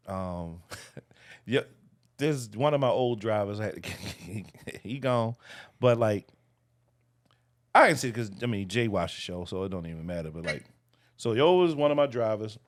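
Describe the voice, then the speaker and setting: A man co-hosting a podcast, chatting casually and telling stories in an animated way. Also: fairly low pitch, measured pace, long pauses. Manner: animated storytelling, laughs often. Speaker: podcast co-host. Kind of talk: casual chat.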